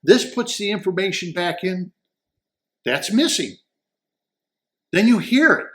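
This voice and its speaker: A man with a somewhat raised pitch reviews audio equipment in a loose, conversational way. He rambles with enthusiasm and often stumbles over repeated words while reaching for a description. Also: animated, a little slow. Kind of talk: casual product review talk.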